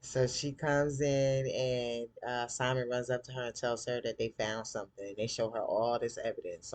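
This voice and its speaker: A man casually recapping a TV episode, chatty and animated, acting out the characters' lines in a style. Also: mid-range voice. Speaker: TV show recap host.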